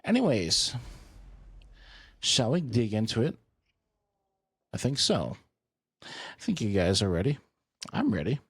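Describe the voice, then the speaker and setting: A man's voice: fairly low pitch, huge pitch swings, unhurried, pauses often, fairly bright tone, husky, dry recording. A young man streaming a racing game, chatting casually and goofily, repeating phrases for fun. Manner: goofy, repeats phrases playfully. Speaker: gaming streamer. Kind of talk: casual livestream commentary.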